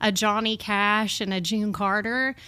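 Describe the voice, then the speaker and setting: A woman's voice: mid-range voice, steady tone, a little slow, pushed and bright, clear, resonant tone. A young woman with a Southern US accent, a podcast guest chatting casually and laughing at herself. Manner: chatty, laughs often, self-deprecating.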